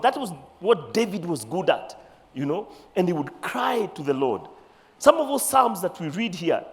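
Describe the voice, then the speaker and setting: A Kenyan pastor preaching a sermon, animated and then dropping to quiet, earnest passages. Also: male voice, high voice. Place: church. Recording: reverberant church hall.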